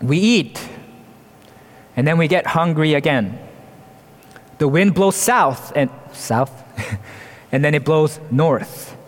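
A man's voice: fairly high pitch, lively intonation, slow, long pauses, long reverb tail. A man preaching a sermon in an earnest, expository way, asking the congregation rhetorical questions.

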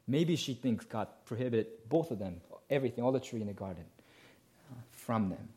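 A man's voice: mid-range voice, animated, a little fast, mellow. Emphatic male pastor preaching. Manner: explanatory, emphatic, asks rhetorical questions. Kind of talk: sermon.

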